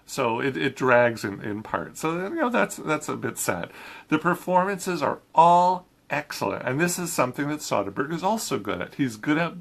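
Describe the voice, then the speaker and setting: A man's voice: a little high, very animated, moderate pace, creaky, a bit bright. A man reviewing a film in a casual chat, talking easily with frequent restarts and laughs. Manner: chatty, laughs often, many restarts.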